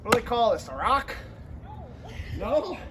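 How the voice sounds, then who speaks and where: A man with a strikingly high voice tells a story to his vlog camera in a relaxed, chatty way. He plays out the voices of the people in his story as he goes. Steady background noise runs under his voice. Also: measured pace. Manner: lively storyteller who acts out the people he quotes. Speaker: vlogger and pro wrestler. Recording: noisy ambient background.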